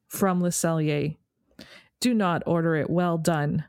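A woman's voice: low-pitched, fairly even intonation, slow, darkish tone, smooth, no echo, studio quality. A woman from Alberta, co-hosting a podcast in casual chat, emphatic and pleading, laughing as she rants. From Canada, Alberta. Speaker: podcast co-host.

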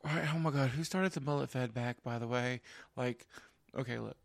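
Male co-host, stammering, animated storyteller, mid-pitched, dry close sound. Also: a little fast, creaky, dry recording. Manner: stammering restarts, animated when telling stories. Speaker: podcast co-host and parent. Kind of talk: casual chat, storytelling.

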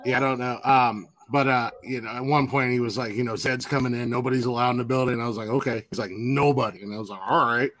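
Speaking quickly with hardly a pause, a male podcast co-host rambles through a casual story, stumbling over fillers and restarts and voicing the characters' dialogue. His mid-range voice is fairly bright with fairly even intonation. There's no room sound, but the audio is poor.

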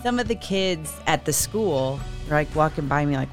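A woman hosting a faith podcast, telling stories in a lively, animated way and acting out what others said. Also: low voice, moderate pace, soft background music. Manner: animated storyteller, acts out quoted voices. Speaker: podcast host. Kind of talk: casual conversation.

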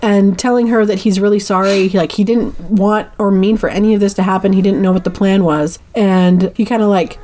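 A woman's voice: mid-range voice, fairly even intonation, brisk, hardly any pauses, mellow. Chatty woman retelling a movie plot. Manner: retells the plot, acting out characters' lines. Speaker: podcast co-host. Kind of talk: casual movie recap.

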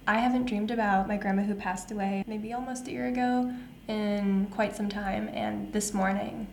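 A woman's voice: medium pitch, steady tone, normal speed, gravelly. A woman hosting a podcast in casual, chatty conversation with thoughtful asides. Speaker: podcast host. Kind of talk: casual chat. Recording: roomy echo, faint hiss.

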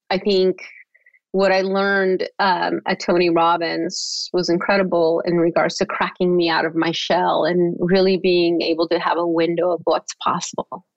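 A woman guest on a podcast telling a personal story in a lively way, often laughing and restarting her words. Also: on the low side, dry recording. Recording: dull, dry, lo-fi sound.

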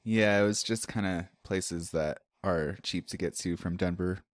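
A man's voice: low-pitched, unhurried, no echo. A man in his thirties, a podcast producer chatting casually with the host. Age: 30s. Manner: chatty, laughing, lively. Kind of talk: casual chat.

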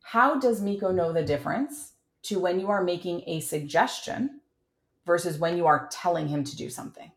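A woman coaching a parent in a calm, clear, instructive way as the host. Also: lowish voice, moderate pace, reverberant. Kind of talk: coaching conversation.

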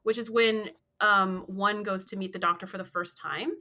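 A woman's voice: medium pitch, steady tone, normal speed, sharp tone. A woman guest on a podcast, enthusiastically recounting favorite scenes. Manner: enthusiastic, quotes scenes with playful voices. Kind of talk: casual chat.

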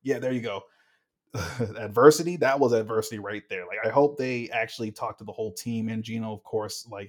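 A man's voice: lowish voice, fairly quick. A young man co-hosting a casual sports podcast, getting worked up and acting out what players said. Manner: animated, gets worked up, acts out quotes. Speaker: podcast co-host.

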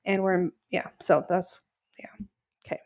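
A woman's voice: lowish voice, unhurried, dry recording, clean studio sound. A woman co-hosting a podcast, chatting casually and recapping episodes. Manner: chatty, acts out quotes in animated voices. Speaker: podcast co-host.

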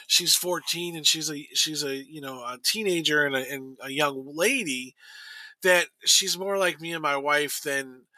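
Bright, rambling man in casual chat. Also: high voice, no room sound. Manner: rambling, many fillers and restarts. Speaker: podcast co-host.

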